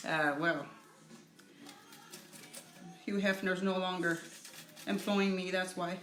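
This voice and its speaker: A middle-aged woman hosting a casual live cooking demo from her home kitchen, chatty and halting, stopping to greet viewers by name. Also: mid-range voice, a bit bright. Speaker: cooking show host. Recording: echoey room with faint music.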